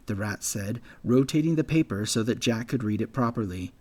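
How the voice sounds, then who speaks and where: A man reads an audiobook chapter in a measured, scripted storytelling manner. His voice sits at an ordinary middle pitch. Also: expressive, a little mellow. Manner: measured storytelling, voicing all characters. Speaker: audiobook narrator. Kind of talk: scripted narration.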